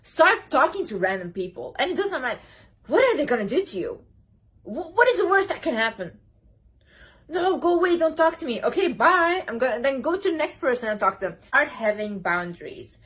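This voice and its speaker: Young woman, breathy voice, slightly high, emphatic, casual motivational talk. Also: very animated, a little fast, fairly bright tone. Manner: emphatic, talks with hand gestures. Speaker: motivational speaker.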